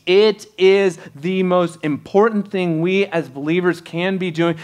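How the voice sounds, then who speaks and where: A man preaching a sermon as pastor, talking conversationally and asking the congregation rhetorical questions. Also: on the high side. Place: church sanctuary.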